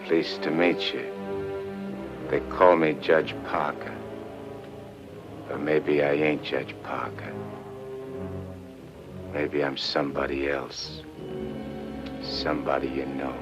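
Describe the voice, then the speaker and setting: A man's voice: extremely low pitch, little pitch movement, slow pace, long pauses, heavily acted. An actor playing a tough male gangster in a 1940s film, talking in menacing street slang. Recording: muffled old film soundtrack with music.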